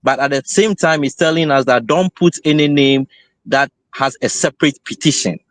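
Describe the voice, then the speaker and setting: A man's voice: on the high side, moderate pace, no room sound. A man calling in to a live show who asks his question hesitantly, with many fillers. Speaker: caller.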